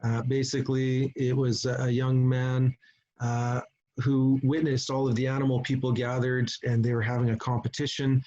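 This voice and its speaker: A middle-aged man from Canada, a chief giving a conference talk, telling a story unhurriedly with frequent pauses and restarts over a video call. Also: medium pitch, flat delivery, dark tone, dull audio. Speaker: Indigenous chief and conference speaker. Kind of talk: storytelling presentation.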